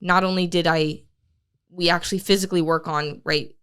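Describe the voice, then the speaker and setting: A woman who is a fitness coach, talking on a podcast in a reflective, measured way with many fillers. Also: fairly low pitch, fairly even intonation, a bit bright, clear, resonant tone. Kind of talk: casual podcast chat.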